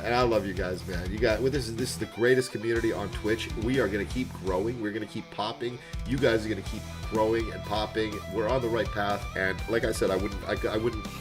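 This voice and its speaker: Man streamer, fairly low voice, heartfelt rambling sign-off, desk mic, guitar music behind. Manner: heartfelt, rambling, repeats words, gets choked up. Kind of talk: casual livestream sign-off chat. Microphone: desk microphone.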